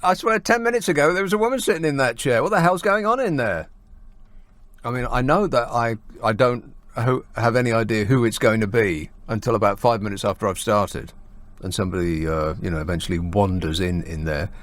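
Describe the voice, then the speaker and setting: A man's voice: medium pitch, a little fast, a bit bright, no echo. Man, radio phone-in host, sardonic, mocking asides, casual banter. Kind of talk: late-night talk radio banter.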